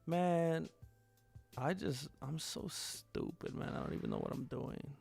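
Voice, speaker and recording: Male streamer, unhurried and gravelly, rambling and self-mocking, casual chat. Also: fairly high pitch, a little mellow, soft background music. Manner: rambling, self-deprecating, loose slang. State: sluggish. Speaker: livestream host. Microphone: wearing headphones, no monitor.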